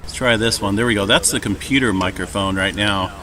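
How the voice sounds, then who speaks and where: A man hosting a casual live stream, chatting in a relaxed, rambling way with lots of fillers, through a camera microphone. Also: on the low side, fairly quick, a little hiss or hum.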